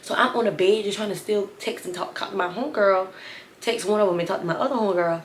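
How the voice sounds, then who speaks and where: A woman's voice: mid-range voice, quick pace, a little hiss or hum. A woman vlogger chatting through a story time, rambling and talking straight to her viewers. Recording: roomy, echoey room.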